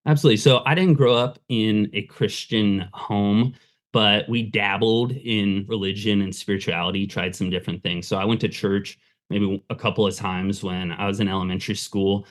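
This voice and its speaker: Pastor guest, male, low voice, candid conversational storytelling. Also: steady tone, normal speed. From Southern California. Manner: candid, conversational, many fillers. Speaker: pastor and fundraising consultant, guest. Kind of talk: casual interview storytelling.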